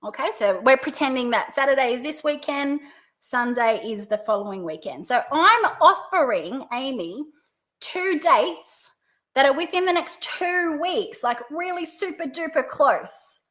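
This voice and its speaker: An Australian woman coaching direct sellers in a video lesson, upbeat and playing up her rising and falling pitch. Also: animated, measured pace, fairly bright tone. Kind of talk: video tutorial.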